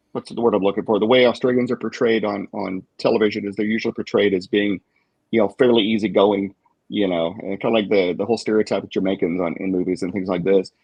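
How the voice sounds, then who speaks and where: Casual co-host: gravelly, breathy-edged man, halting and reflective, dry mic. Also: lowish voice, a little mellow, no echo, lo-fi sound. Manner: thoughtful, halting with many fillers. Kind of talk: casual group chat.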